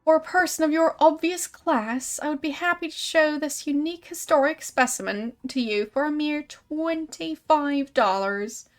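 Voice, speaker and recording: A woman reading aloud and voicing a smooth-talking male showman who hawks a fake mummy in a game, with grand salesman patter. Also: high-pitched, moderate pace, few pauses, soft background music, voice pushed up, lightly acted. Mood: showman pitch.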